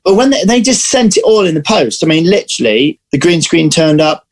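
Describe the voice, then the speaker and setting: A man's voice: a little high, fairly quick, rough recording. Chatty man telling backstage stories. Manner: lively anecdotal storytelling. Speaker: actor guest. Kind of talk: casual interview chat.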